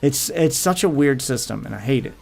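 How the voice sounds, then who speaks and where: A man's voice: mid-range voice, lively intonation, brisk, gravelly, a little mellow. A man hosting his livestream, telling crude rambling stories in casual chat with faint music behind him. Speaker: livestream host.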